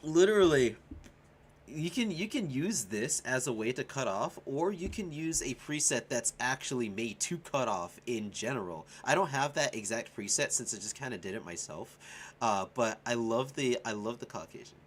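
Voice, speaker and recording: Excitable, profane young male streamer. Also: medium pitch, moderate pace, slight background noise. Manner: excitable and profane, laughs often and shouts at chat. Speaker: streamer and music composer. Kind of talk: casual livestream chat.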